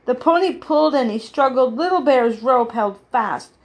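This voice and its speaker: A woman reading a children's story aloud, expressive, with gasps and little asides. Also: high-pitched, moderate pace.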